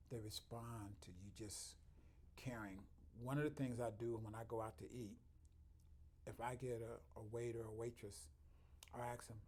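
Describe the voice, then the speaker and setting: This interview guest, a chiropractor, speaks in a gravelly, husky, medium-pitched voice with a darkish tone. Earnest and heartfelt, he recounts stories, repeats what others told him, and chuckles at his own tales.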